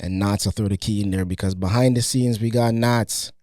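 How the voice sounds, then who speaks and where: A man hosting a podcast in casual chat, loose and joking and quick to laugh. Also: fairly low pitch, steady tone, warm tone, no room sound, studio quality. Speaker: podcast host.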